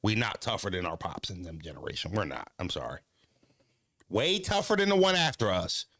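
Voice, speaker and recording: Animated, profane man, lively storytelling. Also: low voice, brisk, no room sound, studio quality. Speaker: streamer. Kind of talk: casual chat.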